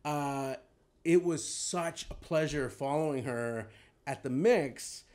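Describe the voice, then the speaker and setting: A man's voice: fairly high pitch, slow pace, a little mellow. A man, a guest comedian, chatting casually on a comedy podcast, rambling into asides and laughing often.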